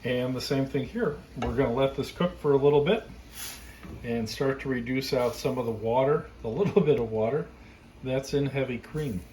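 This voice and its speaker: A man hosting a casual cooking demonstration, explaining each step in a relaxed, chatty way from his home kitchen. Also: medium pitch, moderate pace, a little hiss or hum, poor audio. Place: backyard garden, then home kitchen.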